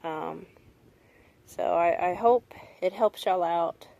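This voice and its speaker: Halting young Southern woman vlogging. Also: fairly low pitch, vocal fry, warm tone, poor audio. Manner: halting, full of fillers and restarts; candid and swearing. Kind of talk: casual confessional vlog. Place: home room. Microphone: phone on a stand.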